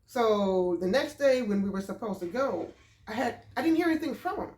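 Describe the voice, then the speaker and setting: A woman telling a storytime vlog about a date, animated and exclaiming as she goes. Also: on the high side, moderate pace. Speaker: vlogger. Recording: roomy echo.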